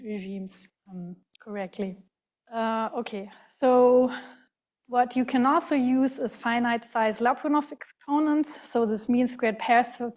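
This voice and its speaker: Halting woman lecturer, German accent. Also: fairly high pitch, a little mellow. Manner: careful, halting delivery with frequent fillers and self-corrections. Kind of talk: academic lecture. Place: large lecture hall.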